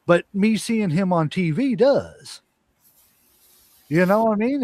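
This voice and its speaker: Male podcast host, rambling and opinionated, higher voice, dry recording. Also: darkish tone, no room sound. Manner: rambling, opinionated, many fillers. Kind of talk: casual wrestling commentary.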